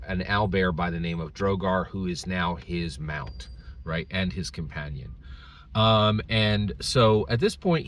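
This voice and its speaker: A man's voice: lowish voice, fairly bright tone, a little hiss or hum, rough recording. A man hosting his channel, casually retelling a tabletop game session and rambling with many restarts. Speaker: channel host.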